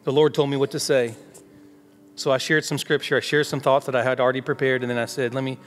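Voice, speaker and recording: Pastor preaching in an echoing hall. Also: male voice, medium pitch, flat delivery, fast. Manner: conversational, acts out dialogue in quoted voices. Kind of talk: sermon. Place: church sanctuary. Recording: long hall reverb with faint music behind.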